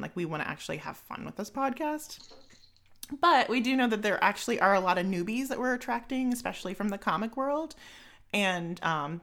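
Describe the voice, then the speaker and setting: A young woman co-hosting a casual podcast, her voice a little low and gravelly with vocal fry. She rambles along with lots of fillers and restarts. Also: a bit bright. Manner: chatty, filler-heavy, frequent restarts. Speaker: podcast co-host. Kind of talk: casual chat.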